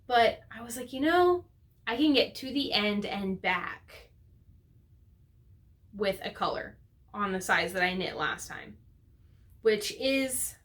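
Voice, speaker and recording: A woman's voice: medium pitch, lively intonation, takes it slowly, pauses often, a bit bright. A woman hosting a knitting podcast, chatting casually and rambling with many fillers and self-corrections. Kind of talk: casual chat to camera.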